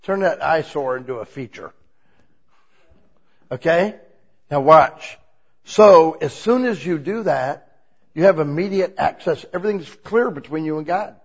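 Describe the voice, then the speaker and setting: A man preaching an informal, conversational sermon, asking the congregation many questions and swinging between quiet asides and loud, emphatic lines. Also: on the high side, lively intonation, a little slow, pauses often, husky, dull audio. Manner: asks the listeners many rhetorical questions.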